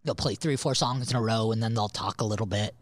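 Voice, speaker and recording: A man's voice: lowish voice, fast, dry recording, clean studio sound. A man co-hosting a podcast, telling rambling anecdotes in casual chat and swearing freely. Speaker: podcast co-host.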